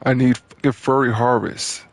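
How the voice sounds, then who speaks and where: A man with a gravelly, fry-edged voice delivers irritated gameplay commentary. He rants and swears, circling back to the same grievance again and again. His pitch sits in an ordinary middle range. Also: steady tone, moderate pace, slight background noise. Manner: exasperated, profane ranting. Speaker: gaming channel host.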